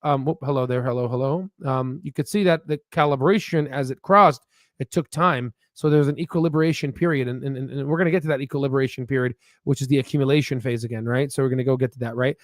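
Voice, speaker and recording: A man's voice: medium pitch, fast talker, no echo, clean studio sound. A man giving casual stock chart commentary, rambling with many repeated words and a pushy, motivational edge. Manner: rambling, repeats words, frequent "right?" and "you know". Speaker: stock market YouTuber.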